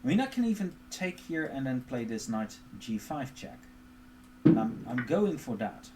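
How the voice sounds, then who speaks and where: His pitch swings widely around a medium center as this man delivers live chess commentary from home at a moderate pace. He explains moves and positions while thinking aloud, adding wry self-mocking comments, over some background noise.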